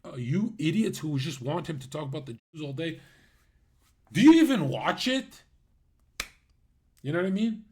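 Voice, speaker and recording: A man's voice: on the high side, sing-song, moderate pace, long pauses, darkish tone. A man streaming live, ranting at his chat in a brash, mocking way, swearing and laughing at his own jokes. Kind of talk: livestream rant.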